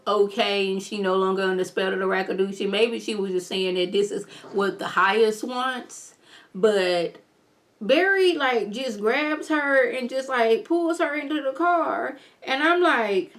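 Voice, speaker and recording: A woman giving a casual, animated video recap of a TV episode, chatting directly to her viewers. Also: a little high, measured pace. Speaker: TV show reviewer.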